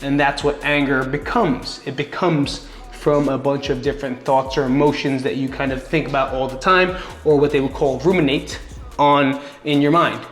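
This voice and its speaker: A man's voice: mid-range voice, fairly even intonation, normal speed, faint music behind. A young man hosting his own video, talking straight to the viewer in a candid, earnest and encouraging way. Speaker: video host. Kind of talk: casual direct-to-camera talk. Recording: echoey room.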